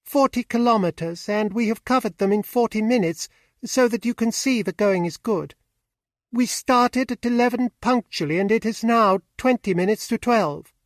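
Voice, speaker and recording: A man reading an audiobook, voicing a lively cheerful young woman driver with a light, laughing manner. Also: high-pitched, normal speed, dry recording, clean studio sound, pitched above the performer's own voice, natural voice.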